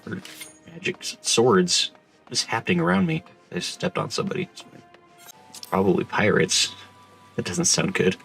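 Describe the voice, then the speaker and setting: A man's voice: low voice, a bit bright. A man streaming a game and commenting in a dry, sarcastic, offhand way. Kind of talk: gaming livestream commentary.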